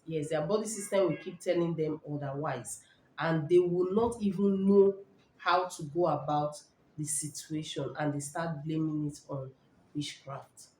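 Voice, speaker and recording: Lowish Nigerian woman in an echoey room. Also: warm tone. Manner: repetitive, emphatic, storytelling with "all right?" checks. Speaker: health talk host. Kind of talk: casual live talk to viewers.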